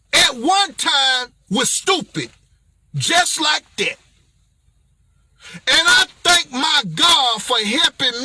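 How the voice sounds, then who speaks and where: High, sharp-voiced preaching man. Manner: blunt, confrontational, preacher-like; often raises voice to a shout. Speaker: motivational speaker. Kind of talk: impassioned motivational message.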